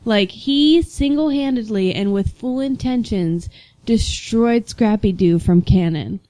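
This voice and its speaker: Animated woman telling a story, dry mic. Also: a little high, unhurried, no room sound, low-quality recording. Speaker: podcast co-host. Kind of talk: casual chat.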